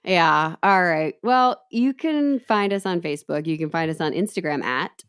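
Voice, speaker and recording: A woman's voice: fairly low pitch, lively intonation, moderate pace, a bit bright, smooth. A woman co-hosting a casual podcast chat, talkative and laughing easily. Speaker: podcast co-host.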